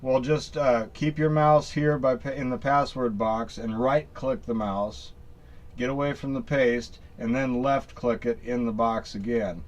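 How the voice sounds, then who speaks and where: A man's voice: mid-range voice, fairly even intonation, measured pace, highs cut off. Rambling man with a folksy manner. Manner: rambling, folksy, full of fillers and restarts. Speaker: tech tutorial maker. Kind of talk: casual screen-recorded walkthrough.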